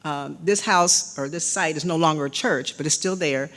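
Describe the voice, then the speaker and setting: A woman's voice: low-pitched, normal speed, fairly bright tone. Older woman lecturing in echoing hall. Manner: conversational, with frequent fillers and restarts, cueing slides with "next". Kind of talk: slide-show history lecture. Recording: long hall reverb.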